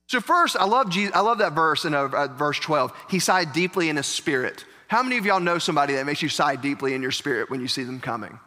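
A man pastor preaching a sermon in a church, animated, with joking asides to the congregation. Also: a little high, fast, few pauses. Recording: echoey church hall.

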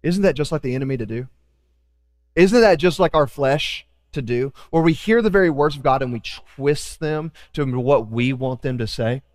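A man preaching a sermon as pastor, animated, acting out quoted voices with joking asides. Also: mid-range voice, moderate pace, in a large hall.

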